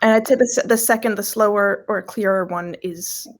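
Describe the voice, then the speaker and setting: Gravelly-voiced woman giving tentative answers. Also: medium pitch, normal speed. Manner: tentative, hedges her answers. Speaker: language consultant. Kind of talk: casual elicitation answers.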